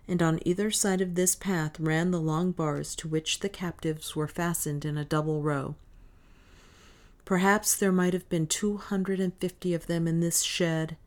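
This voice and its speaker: A woman narrating an adventure novel in a steady, measured reading. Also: on the low side. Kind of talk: audiobook narration.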